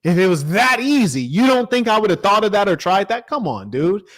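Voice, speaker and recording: On a livestream, an American male host tells a story as a casual rant, mocking people and acting out the dialogue in an animated way. His voice is high-pitched and a little fast, and the studio recording is clean with no room sound.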